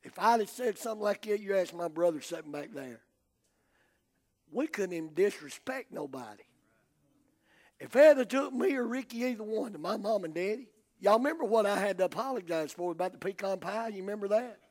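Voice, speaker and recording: An older man with a Southern US accent preaching a sermon, telling folksy stories and swinging from hushed tones to shouting. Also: high-pitched, animated, brisk. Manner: folksy storytelling.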